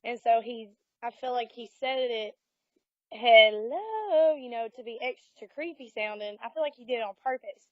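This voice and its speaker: Brief: Southern woman investigator, lively quotes, close dry mic. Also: fairly high pitch, fairly quick, hardly any pauses, no echo. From Alabama. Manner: animated storyteller, acts out quotes. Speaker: paranormal investigator guest. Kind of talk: casual storytelling interview. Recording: dull lo-fi audio.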